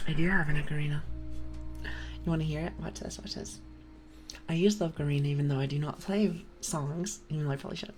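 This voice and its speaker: A young woman streamer whispers softly into a binaural mic during an ASMR livestream chat, rambling playfully to her viewers. Her voice sits low, and the recording is rough.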